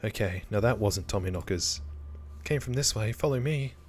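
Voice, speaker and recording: A man's voice: lowish voice, moderate pace, slight background noise, close to an everyday voice. A man voicing a wry, laid-back young woman who hunts ghosts and jokes about the dead. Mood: teasing. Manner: teasing, joking.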